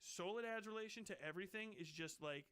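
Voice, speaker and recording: A man's voice: high voice, fairly quick, pushed and bright, smooth. A man streaming as he reads a book aloud, breaking off for rambling, profane rants and laughing asides. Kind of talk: casual profane commentary on a book.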